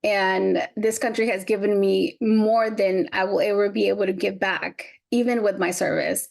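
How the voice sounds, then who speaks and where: A woman from Mexico speaks as a podcast guest, earnest and resolute. Her voice is heavily gravelly with a lot of fry. Her pitch sits in an ordinary middle range. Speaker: guest, veterans' advocate. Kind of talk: podcast interview.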